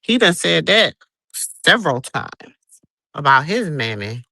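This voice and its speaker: Middle-aged woman co-host, chatty storyteller, lively swooping pitch, dry close sound. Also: measured pace, no echo. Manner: animated storyteller, acts out quotes. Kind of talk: casual late-night chat.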